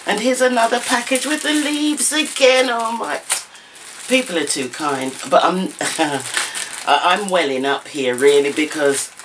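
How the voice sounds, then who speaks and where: A woman's voice: sits low, background noise. A woman craft vlogger unboxing a parcel, gushing and exclaiming over and over. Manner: gushing, excitable, repeated exclamations. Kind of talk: unboxing vlog. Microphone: camera mic.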